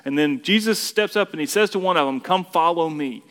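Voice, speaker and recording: A man's voice: high-pitched, fast, fairly bright tone. A man preaching a casual, conversational sermon, often repeating words as he builds each point. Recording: long reverb of a hall.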